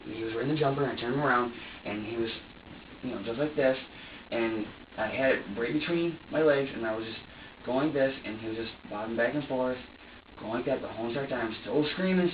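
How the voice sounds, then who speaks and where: A man's voice: medium pitch, fairly quick, distant mic. Agitated, cursing man in a police interrogation room, rambling and restarting, heard from across an echoey room on a dull, muffled recording with faint background hiss. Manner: swings between angry outbursts and quiet muttering. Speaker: suspect under police questioning. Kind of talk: emotional confession to investigators. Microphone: room recording from a distance.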